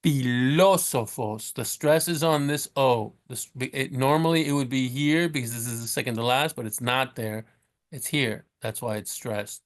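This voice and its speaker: A man giving a casual recorded language lesson. He talks in a loose, chatty way, trails off and corrects himself, and reads the Spanish example sentences slowly and carefully. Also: mid-range voice. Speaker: Spanish teacher.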